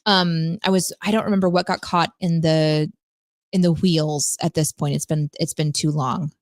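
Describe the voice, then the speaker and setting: Chatty woman co-host, low and dry. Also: steady tone, normal speed, no echo. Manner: chatty, laughs often, storytelling. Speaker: podcast co-host. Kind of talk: casual chat.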